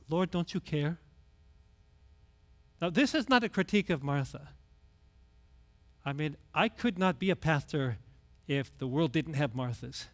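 A middle-aged male pastor delivers a conversational sermon, dropping to hushed, low tones and then rising to loud emphasis.

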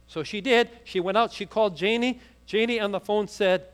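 A man preaching a sermon, telling a story rapidly and then rising into fervent, emphatic preaching. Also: high voice, clear, resonant tone.

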